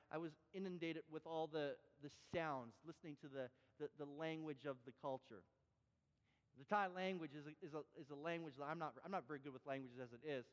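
A man's voice: fairly high pitch, long reverb tail. A Canadian man preaching a sermon, often repeating and restarting phrases and building to emphatic refrains. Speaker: pastor.

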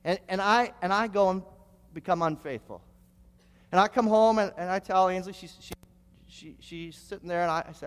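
A man's voice: high-pitched, normal speed, clear, resonant tone, big-room sound. A male pastor preaching a sermon, telling stories with frequent stammered restarts.

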